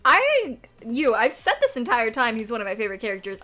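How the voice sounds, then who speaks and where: A young woman with a slightly high voice, chatting loosely while she streams a game. She rambles, corrects herself mid-thought and flares into loud, excited outbursts. Soft game music plays quietly behind her. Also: a little fast, hardly any pauses. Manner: excitable, bursts into loud outcries and laughter; rambling, many fillers and self-corrections. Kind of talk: casual chat over a game stream.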